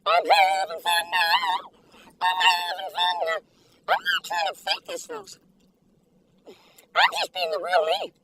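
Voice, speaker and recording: An older woman gushes and giggles through a casual food review, her voice gravelly and swinging widely in pitch. She sits in her car, a little away from the mic, with faint vehicle noise behind her. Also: distant mic. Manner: gushing, giggly, exclamatory. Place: inside a parked car.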